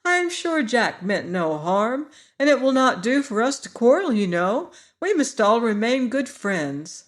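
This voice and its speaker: A man's voice: very high-pitched, sing-song, normal speed, few pauses, pitched above the performer's own voice. A man reading an audiobook and voicing an earnest young boy who speaks plainly and soothingly. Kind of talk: audiobook character voice.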